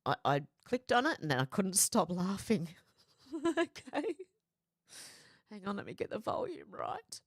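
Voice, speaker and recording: A woman's voice: mid-range voice, wildly swooping pitch, unhurried, no echo, studio quality. A woman hosting a casual commentary vlog, chatty and repeatedly breaking into laughter. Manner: giggly, chatty, prone to laughing fits. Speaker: vlog host.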